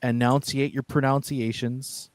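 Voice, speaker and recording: A man's voice: mid-range voice, little pitch movement, a little slow, no room sound. Rambling man chatting on a stream. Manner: rambling storyteller, lots of fillers and restarts. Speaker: stream co-host. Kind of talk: casual chat.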